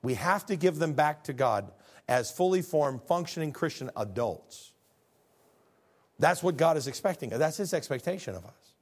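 A man preaching a sermon with earnest fervor, repeating words as he builds a point and swinging between quiet and loud passages. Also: mid-range voice. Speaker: pastor.

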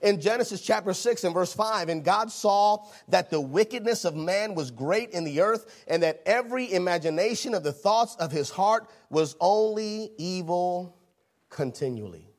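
A man preaching a sermon, animated, repeating phrases and acting out the voices in the scripture he reads. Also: sits high, normal speed.

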